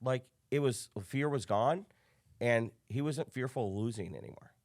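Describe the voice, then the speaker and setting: A Chicago-area business coach in his thirties tells stories as a guest on a casual podcast interview. His voice is mid-range and his speed normal. He's an animated storyteller who acts out the dialogue he quotes.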